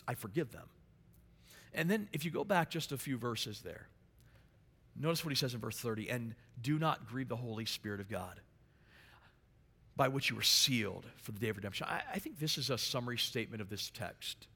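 A middle-aged man preaching a sermon, moving from quiet storytelling to loud, emphatic preaching. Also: medium pitch, animated, a little fast, husky. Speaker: pastor. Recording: long hall reverb.

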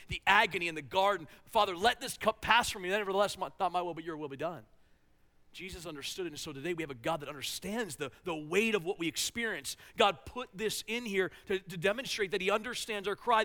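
A male pastor with a high, bright voice preaches with passion. He swings from loud, urgent lines to soft, hushed ones. The sound carries a long reverb, like a church hall. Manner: impassioned preaching, shifting between loud and hushed. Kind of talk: sermon.

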